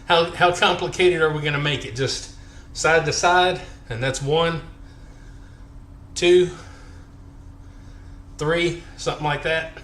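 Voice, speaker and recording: A man's voice: fairly high pitch, fairly even intonation, slow, long pauses, fairly bright tone, reverberant. A man chatting on a workout live stream, counting reps aloud, out of breath and joking between sets. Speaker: fitness vlogger.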